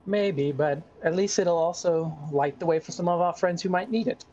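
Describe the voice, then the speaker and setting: A man's voice: high-pitched, moderate pace, dark tone, dull audio. A man playing a tabletop game casually, often stammering and restarting his sentences. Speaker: player.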